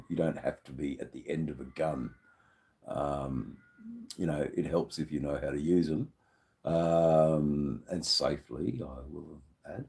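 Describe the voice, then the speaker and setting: Deep, slow Australian man chatting. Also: warm tone. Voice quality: deep, unhurried voice. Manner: rambling, swears freely, greets chat viewers by name. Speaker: livestream host. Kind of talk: casual live-stream chat.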